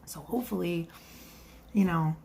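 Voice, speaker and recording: A woman's voice: lowish voice, normal speed, gravelly, a little mellow. A middle-aged woman telling a rambling story in a casual confessional vlog. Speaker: vlogger.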